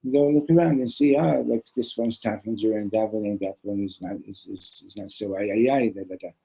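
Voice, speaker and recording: A man, a rabbi, giving a casual sermon with a joke, talking in a halting way with many repeated words and conversational asides. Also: on the low side, creaky, warm tone, husky, rough recording. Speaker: rabbi teaching a class.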